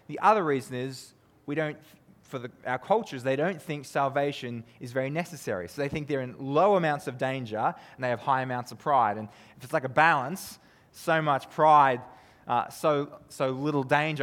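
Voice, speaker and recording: A man preaching a sermon, earnest and conversational, who keeps asking his listeners tag questions and swings from emphatic peaks down to low, quiet lines. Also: animated, normal speed. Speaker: pastor. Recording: long reverb of a hall.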